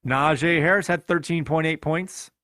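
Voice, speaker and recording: A man's voice: a little high, moderate pace, bright, forceful tone, dry recording, studio quality. Upbeat man recapping fantasy football scores. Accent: Chicago. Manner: playful, reads scores in a running recap. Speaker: podcast host.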